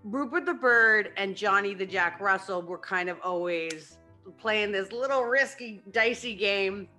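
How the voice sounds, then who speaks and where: A woman with a bright, clear tone and a middling pitch chats casually in a book club discussion. She tells her story with frequent giggles, and faint music plays behind her. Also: a little slow. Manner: laughing storyteller, often breaks into giggles. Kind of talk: casual group chat.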